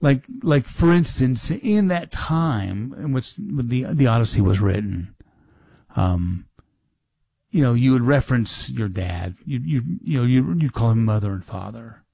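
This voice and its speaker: A man's voice: medium pitch, animated, a little slow, gravelly, dark tone, dry recording. A middle-aged man hosting a talk radio show, rambling casually with many restarts and fillers.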